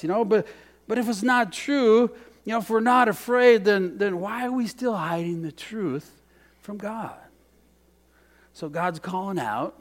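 Pastor, male, high voice, preaching with dynamic swings and repeated phrases. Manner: dynamic, swings from hushed to emphatic. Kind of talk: sermon.

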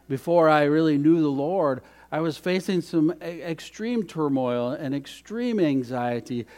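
A man preaching a sermon in an earnest way, repeating phrases and swinging between loud emphasis and hushed, quiet lines. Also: a little high. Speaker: pastor.

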